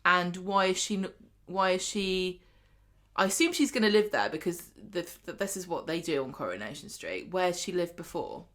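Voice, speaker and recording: A woman co-hosting a casual podcast, quick and questioning as she argues her points. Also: on the low side, fairly bright tone. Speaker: podcast co-host. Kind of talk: casual chat about a TV soap.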